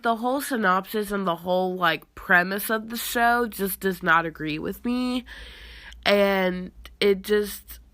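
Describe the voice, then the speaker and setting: Young woman, podcast host, congested, slow, sarcastic sighs, dry close sound. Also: mid-range voice, sharp tone, no room sound. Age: young adult. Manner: drawn-out, sarcastic, exasperated sighs. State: congested from a cold. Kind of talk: casual chat.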